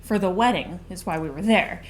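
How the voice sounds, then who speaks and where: A woman's voice: fairly low pitch, normal speed. A woman co-hosting a casual drinks review, chatting in a bubbly way, full of "like". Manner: bubbly, talks with lots of "like". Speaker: co-host. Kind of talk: casual chat.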